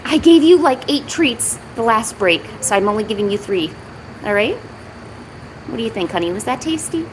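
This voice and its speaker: A woman's voice: mid-range voice, expressive, moderate pace, background noise. A woman chatting casually on her art live stream, talking to viewers and cooing at her cat between drawing. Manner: chatty, coos baby talk to her cat.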